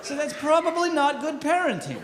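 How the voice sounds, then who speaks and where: A man's voice: extremely high pitch, sing-song, moderate pace, crowd noise. A middle-aged man doing a stand-up comedy set, telling self-mocking stories with punchy delivery. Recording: echoey hall with long reverb, faint noise.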